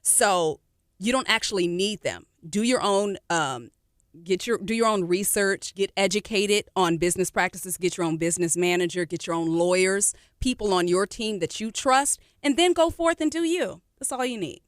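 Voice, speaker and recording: A woman R&B singer, a guest in a casual radio interview, who talks in an animated, encouraging way with frequent fillers. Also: medium pitch, normal speed, dry recording, studio quality. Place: radio studio.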